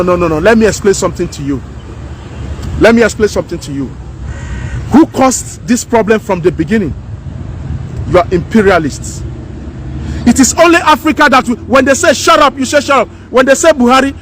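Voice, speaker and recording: A woman's voice: medium pitch, animated, moderate pace, pauses often, a little hiss or hum. A woman gives an impassioned opinion vlog outdoors, preachy and fiery, repeating her lines for emphasis. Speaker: vlogger. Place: outdoors by houses.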